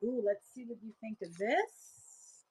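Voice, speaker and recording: A middle-aged woman with a Buffalo, New York accent hosts a casual live stream as a seller, reading viewer comments aloud and answering them in a chatty way. Her voice is on the high side, slow and lively in intonation, with a darkish, breathy tone. She rambles, trails off and restarts sentences, and the recording quality is low.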